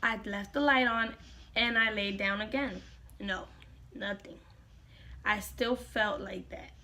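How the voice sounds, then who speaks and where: A woman's voice: medium pitch, steady tone, takes it slowly, sharp tone. A young woman vlogger dramatically retelling a personal story to camera, repeating lines for effect.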